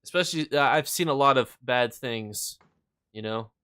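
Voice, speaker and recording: A man's voice: mid-range voice, moderate pace, bright, forceful tone, clear, resonant tone, dry recording, clean studio sound. Chatty man rambling over a game stream. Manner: rambling, filler-heavy storytelling; reads and answers chat while playing. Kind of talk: casual gameplay chat.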